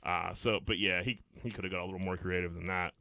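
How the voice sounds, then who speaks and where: A man's voice: low-pitched, fairly even intonation, fast talker, vocal fry, bright, forceful tone, no echo. A man hosting a podcast with a Pittsburgh accent, talking in loose, profane banter and laughing often. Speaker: podcast host.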